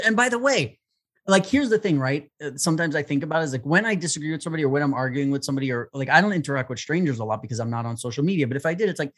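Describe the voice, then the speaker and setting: A man's voice: fairly high pitch, expressive, very fast, fairly bright tone. A man co-hosting a podcast in casual chat, earnest and musing, acting out imagined quotes. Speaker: podcast co-host.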